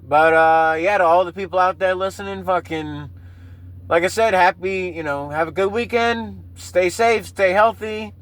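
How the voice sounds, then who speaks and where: A man's voice: high-pitched, a little slow, no echo, low-quality recording. A man in his mid-thirties hosting a casual solo podcast, rambling and swearing freely, often laughing at himself. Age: 30s. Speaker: podcast host.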